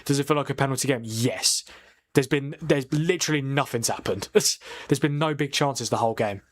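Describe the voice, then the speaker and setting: A man's voice: medium pitch, moderate pace. A man hosting a live football watchalong, chatting with viewers and reacting to the match as it plays. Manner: chatty, reads and answers viewer comments; excitable reacting to match incidents. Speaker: watchalong streamer.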